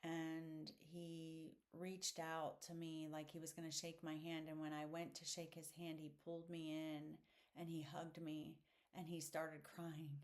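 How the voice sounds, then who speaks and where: A man's voice: a little high, monotone, a little slow. A man hosting a podcast, telling a personal story in a reflective, hesitant way with frequent fillers, earnest and heartfelt. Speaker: podcast host.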